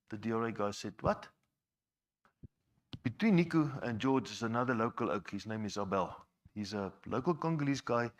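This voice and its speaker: Man telling a testimony. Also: mid-range voice. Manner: conversational storyteller, repeats words as he goes. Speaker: church member giving a testimony. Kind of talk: personal testimony told to a congregation.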